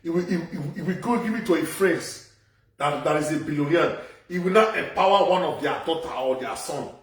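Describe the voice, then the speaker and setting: A social media commentator, a man with a Nigerian Pidgin accent, rants through a live video in a loud, animated, high-pitched voice, a little fast. Sitting back from a distant mic in an echoey room, his voice bounces around him, and he repeats phrases to drive his points home.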